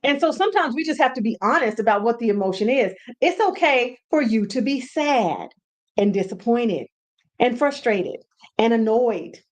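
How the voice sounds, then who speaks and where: A woman hosting a casual teaching talk from home, animated and repeating words for emphasis. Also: on the high side, normal speed. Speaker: podcast host and brand coach.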